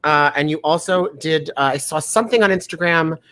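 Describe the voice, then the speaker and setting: A man's voice: fairly high pitch, fairly quick, pushed and bright. A man hosting a playful quiz game on a video call, teasing his guests. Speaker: host. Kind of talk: game-show style hosting on a live stream.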